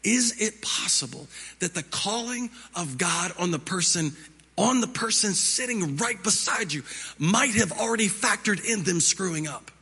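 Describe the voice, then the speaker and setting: Guy pastor preaching, bright kinda husky voice, asks the crowd stuff, big echoey church. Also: sits high, animated, measured pace. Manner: conversational preaching with rhetorical questions. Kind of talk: sermon. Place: church sanctuary.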